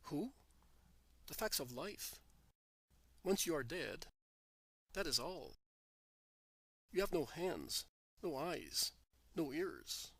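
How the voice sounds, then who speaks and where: A man's voice: on the high side, very animated, slow pace, pauses often, bright, forceful tone, husky, dry recording, full character voice. Man reading as a boastful old merchant. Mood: resigned. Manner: boastful, then resigned. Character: ambitious older male merchant, dreaming of wealth.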